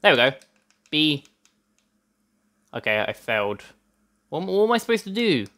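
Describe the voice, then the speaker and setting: A man's voice: fairly high pitch, very animated, normal speed, a bit bright. A young man hosting a let's play, chatting through gameplay in a rambling way with lots of restarts, hot and a little out of breath. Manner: chatty, rambling, self-interrupting with many restarts. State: hot and sweaty, a bit out of breath. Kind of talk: gameplay commentary.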